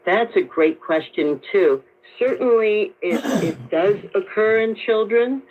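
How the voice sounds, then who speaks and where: A woman doctor speaks slowly and carefully, explaining each point to radio callers. Her voice comes through a thin, tinny broadcast signal with little low end. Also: expressive, a little hiss or hum. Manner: measured, explanatory. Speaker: doctor guest. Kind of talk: radio call-in interview.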